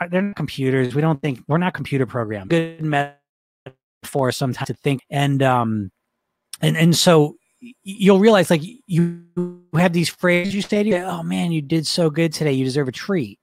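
A man's voice: fairly high pitch, no room sound. A man coaching a live online session, reading viewer comments and talking in an upbeat, rambling way with frequent restarts and laughs. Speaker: weight-loss coach.

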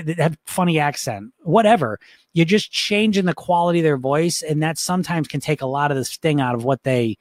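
A man with a slightly raised voice delivers a casual coaching talk. He speaks conversationally, often checks in with his listener and restarts his sentences along the way. The sound is dry and close, with no room echo. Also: fairly high pitch. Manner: frequent restarts and fillers.

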